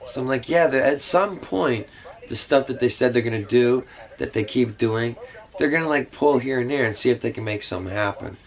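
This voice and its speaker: A man's voice: medium pitch, brisk, low-quality recording. A man rambling through a casual monologue to camera, meandering with many fillers and side remarks. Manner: meandering, full of fillers and asides. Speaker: vlogger. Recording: music playing behind.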